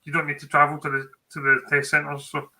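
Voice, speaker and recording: Bright-voiced Scottish man chatting casually. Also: fairly high pitch, completely flat delivery, a little fast, low-quality recording. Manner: chatty, informal, frequent fillers and restarts. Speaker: co-host of a tech livestream. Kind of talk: casual chat giving exam tips.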